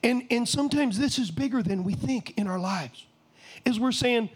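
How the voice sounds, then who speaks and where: A middle-aged man preaching a sermon, impassioned, throwing rhetorical questions at the congregation and building to shouts. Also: extremely high pitch, moderate pace, husky.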